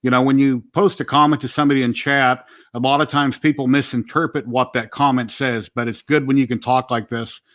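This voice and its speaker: A man's voice: mid-range voice, fairly even intonation, fairly quick, few pauses, fairly bright tone, dull audio. A man hosting a casual livestream chat, plain-spoken and opinionated. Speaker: livestream host.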